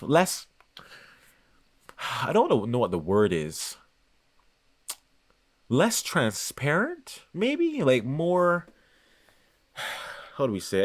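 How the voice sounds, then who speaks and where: Rambling man with a lively, swinging pitch. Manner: rambling, searches for words, many restarts and sighs. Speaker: channel host. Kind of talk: casual unscripted monologue.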